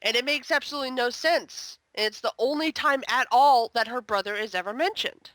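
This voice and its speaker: Chatty woman with a bright, dry voice. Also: fairly high pitch, no room sound. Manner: chatty, exasperated, quick asides. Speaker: guest reviewer. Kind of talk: casual podcast review chat.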